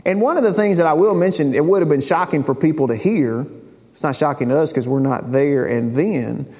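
A man's voice: fairly high pitch, brisk, a little mellow, big-room sound. A man preaching a sermon, retelling scripture in a casual, conversational storytelling way. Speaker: pastor.

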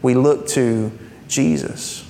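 Conversational preacher in a reverberant hall. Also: male voice, takes it slowly, creaky, mellow. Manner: conversational preaching with rhetorical questions and humorous asides. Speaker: pastor. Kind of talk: sermon. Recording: reverberant hall with faint rumble.

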